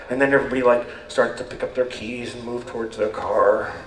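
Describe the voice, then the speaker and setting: An older man doing rambling, deadpan stand-up storytelling on a stage. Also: mid-range voice, fast, hardly any pauses. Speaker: stand-up performer. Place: stage at a community talent show. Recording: echoey hall, voice far from mic, faint ambience.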